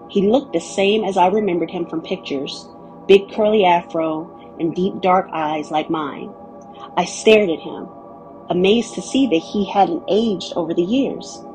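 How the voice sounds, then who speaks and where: A woman's voice: mid-range voice, darkish tone. A woman giving scripted first-person narration of a story, telling it in a candid, wry way.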